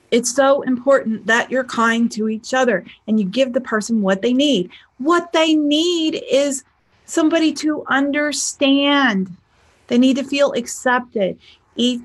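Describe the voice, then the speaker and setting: A woman life coach giving casual relationship advice in a chatty storytelling manner, acting out bits of dialogue. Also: a little high. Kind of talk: casual advice talk to viewers.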